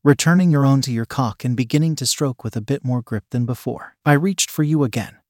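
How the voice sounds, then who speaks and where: A man's voice: medium pitch, brisk, darkish tone, dry recording. Man narrating in a dry, intimate tone. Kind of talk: scripted erotic story narration.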